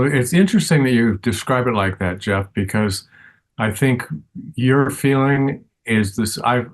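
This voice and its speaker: An older man, a teacher, answering interview questions in a slow, earnest and reflective way. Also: fairly low pitch.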